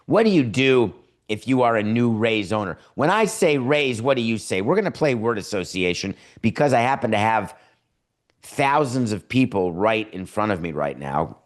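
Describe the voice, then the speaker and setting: A man hosting a podcast from his home studio and giving sarcastic, riffing sports commentary. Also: on the low side. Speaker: podcast host.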